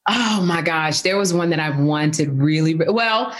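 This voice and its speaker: A middle-aged woman, a guest, telling animated stories in a casual interview and laughing often. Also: lowish voice, normal speed.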